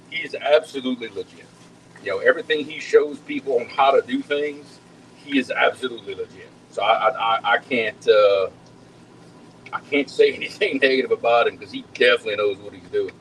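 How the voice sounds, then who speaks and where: A chatty man from talks viewers through his cooking in a relaxed, folksy way, often doubling back on his words. His voice sits at a middling pitch, with a faint hum of background noise. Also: normal speed, rough recording. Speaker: home cook hosting a live cooking stream. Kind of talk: casual cooking chat with viewers.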